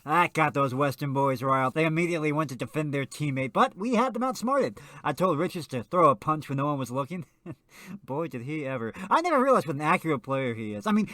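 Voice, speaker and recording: Coach figure: gleeful, scheming college basketball coach, voiced by a man, bright sharp tone, dry close sound. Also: a little high, no echo. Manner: gleeful, chuckling, proud of dirty tactics. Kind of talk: comedic radio sketch acting.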